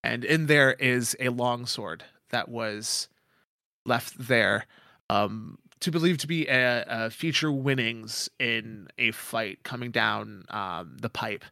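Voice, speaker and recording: A man game master narrating a tabletop role-playing game in a casual way, pausing often to search for words. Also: mid-range voice, creaky, sharp tone, no room sound, studio quality.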